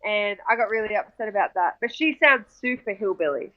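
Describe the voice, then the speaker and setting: A young Australian woman talking casually as a podcast guest over a video call, chatty and quick to laugh. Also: mid-range voice, animated, lo-fi sound. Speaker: guest fighter.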